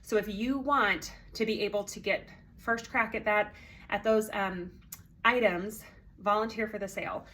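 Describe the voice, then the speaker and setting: A woman's voice: mid-range voice, fairly even intonation, unhurried, pushed and bright. Chatty woman, a little out of breath. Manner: chatty, friendly, many ums. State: slightly out of breath, congested. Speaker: consignment sale organizer. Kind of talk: casual announcement to sellers.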